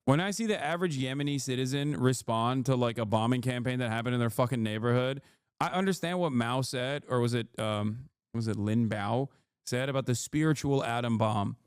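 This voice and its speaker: A man's voice: mid-range voice, fairly quick, clean tone, no echo, clean studio sound. A man livestreaming a reaction to news, ranting angrily with heavy swearing and mocking jabs at his critics. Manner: heated, profane, mocking. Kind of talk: angry political rant.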